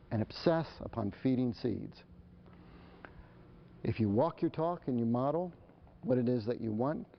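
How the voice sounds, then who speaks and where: A man giving a live presentation to parents, animated and acting out the exchanges between parents and children. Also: mid-range voice. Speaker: speaker on parenting. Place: lecture hall. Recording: dull lo-fi live recording.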